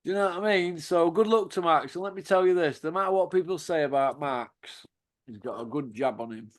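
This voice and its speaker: High-voiced man storytelling. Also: a little fast. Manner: rambling, laughing, swearing anecdotes. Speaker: podcast host. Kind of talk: casual storytelling chat.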